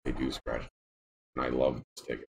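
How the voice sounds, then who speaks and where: A man's voice: very deep voice, monotone, brisk, creaky. A man with a Michigan accent co-hosting a casual lottery scratch-off stream, cheering the tickets on. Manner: upbeat, egging on the tickets. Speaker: lottery scratch-off channel host. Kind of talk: casual live scratch-off chat. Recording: light background noise.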